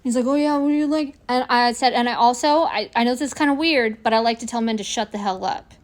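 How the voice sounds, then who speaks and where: A woman in her forties, speaking a little higher than most, tells a personal story to camera. She sounds indignant and animated and acts out the lines people said to her. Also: fast talker. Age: 40s. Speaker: vlogger. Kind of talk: casual storytelling monologue.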